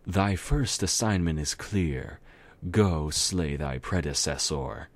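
A cold, ancient spirit mare speaks in old-fashioned words, slow and solemn and unhurried in her cruelty. A man with a very deep, rumbling voice acts her out in a storybook reading. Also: animated, full character voice. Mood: cold menacing. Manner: slow, solemn, archaic speech.

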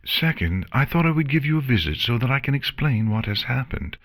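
A man voicing a calm, gentle royal princess who lectures kindly in a fan storybook reading. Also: mid-range voice, brisk, voice pushed up. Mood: cheerful.

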